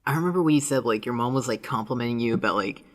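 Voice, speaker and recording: A man's voice: medium pitch, rapid-fire, a bit bright. A young man co-hosting a podcast in casual chat, rambling with lots of fillers and giggles. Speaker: podcast co-host.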